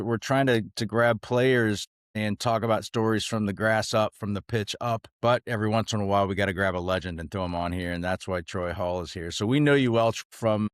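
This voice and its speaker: A man's voice: lowish voice, clear, resonant tone, dry recording, studio quality. A man hosting a podcast, opening with playful, joking banter. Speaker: podcast host. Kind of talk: casual podcast chat.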